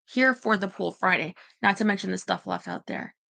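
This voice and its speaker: Woman rambling on a livestream, kinda anxious, bright voice with vocal fry, chatting to viewers. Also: mid-range voice, a little fast. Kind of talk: rambling casual livestream chat.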